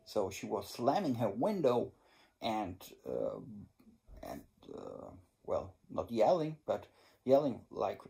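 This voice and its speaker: Gravelly-voiced man chatting casually. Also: mid-range voice, darkish tone. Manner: chatty, rambling, frequent restarts and swearing. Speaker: cigar review channel host. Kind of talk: casual storytelling to viewers. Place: home in Germany.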